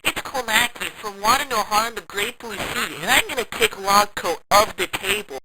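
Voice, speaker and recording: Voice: medium pitch, moderate pace, natural voice. A speaker putting on a brash, boastful fan voice that announces a fight. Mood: cocky. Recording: loud background noise.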